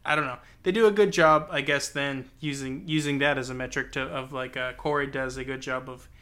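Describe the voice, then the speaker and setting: A man's voice: medium pitch, fairly even intonation, brisk, sharp tone. A man from Texas co-hosting a podcast, chatting casually about a book in a rambling way full of fillers. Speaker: podcast co-host.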